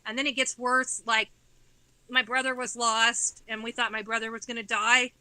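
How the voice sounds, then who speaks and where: A woman's voice: on the high side, flat delivery, normal speed, sharp tone, clean tone, no room sound, poor audio. A woman in her forties, a guest author telling a candid, profane story in casual chat, with tumbling run-on sentences.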